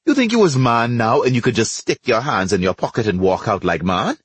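A bossy Trinidadian neighbor voiced by a man scolds and mocks in a loud, lively voice. The husky tone swings up and down, recorded dry and close. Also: medium pitch, a little fast, dry recording. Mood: scolding. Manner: scolding, boisterous, sarcastic.

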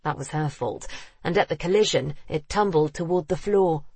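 Audiobook narrator for period romance, slightly husky, dry close recording, expressive read. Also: medium pitch, normal speed, dry recording. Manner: expressive, acting out the characters.

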